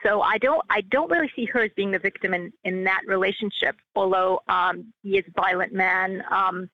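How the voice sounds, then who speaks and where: A woman's voice: medium pitch, normal speed, no room sound, dull audio. A woman being interviewed, answering hesitantly with many fillers and restarts. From Australia. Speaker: filmmaker and actress guest.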